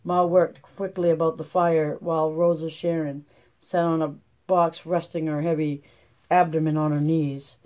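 A narrator giving a steady, measured audiobook reading of a classic novel. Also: mid-range voice. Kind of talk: scripted narration.

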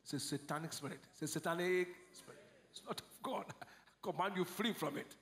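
Nigerian male pastor, high voice, call-and-response sermon, roomy hall. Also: fairly quick, background noise. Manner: call-and-response preaching, swings from shouts to low asides. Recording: echoey church hall.

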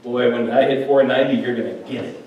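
A man's voice: medium pitch, fairly even intonation, fast talker, highs cut off, slight background noise. A male pastor preaching a sermon in a conversational way, joking with his congregation in a church hall. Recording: very echoey hall, mic far off.

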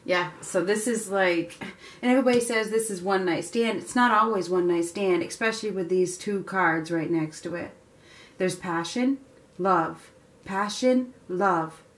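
A woman giving a casual tarot reading, chatty and excitable, laughing often and filling pauses with ums. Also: mid-range voice. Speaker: tarot reader.

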